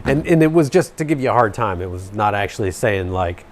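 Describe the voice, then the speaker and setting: A man's voice: fairly low pitch, animated, a little fast. A man from Georgia hosting a hobby channel, chatting casually and joking at his own expense while he tinkers at a workbench. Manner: joking, self-deprecating, talks while tinkering. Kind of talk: casual workshop chat.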